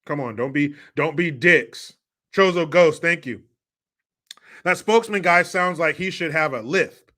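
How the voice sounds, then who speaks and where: A man's voice: on the high side, animated, measured pace, long pauses, a bit bright. A man hosting a live-stream commentary, ranting in a sarcastic, mocking and profane way. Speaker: livestream commentary host.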